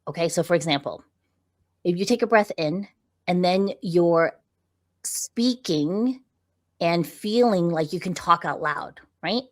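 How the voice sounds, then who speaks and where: A middle-aged woman guest on a podcast, explaining voice and breathing in an animated, conversational way with frequent check-ins. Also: lowish voice, measured pace. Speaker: podcast guest, visibility coach. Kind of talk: conversational interview.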